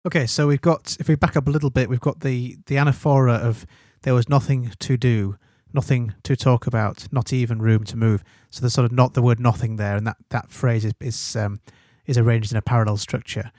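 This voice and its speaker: A man with an English accent, an English teacher talking through a literary text in a relaxed way, thinking aloud with fillers and tag questions. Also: mid-range voice, a little fast, few pauses, no room sound, clean studio sound. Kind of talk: study guide commentary on a text.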